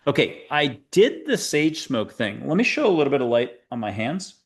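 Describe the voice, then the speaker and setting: A man's voice: medium pitch, big pitch swings, normal speed. A man from the United States hosting a spiritual talk show, speaking casually to the camera in a rambling, digressive way with playful asides and dad jokes. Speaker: show host.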